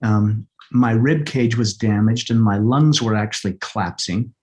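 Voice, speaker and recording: Earnest middle-aged man, halting retelling. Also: on the low side, a little mellow. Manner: halting, repeats words, earnest. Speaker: interview guest. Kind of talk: emotional personal storytelling. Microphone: podcast microphone.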